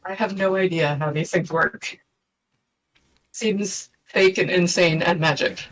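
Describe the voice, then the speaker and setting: A woman co-hosting a live stream in casual chat, mostly quick short agreeing interjections. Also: on the low side, steady tone, low-quality recording. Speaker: stream co-host.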